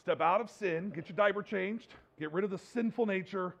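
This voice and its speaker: Man, pastor, high voice, casual sermon, conversational and emphatic, slightly dull recording. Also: moderate pace, gravelly. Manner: conversational, animated, rising to emphatic preaching.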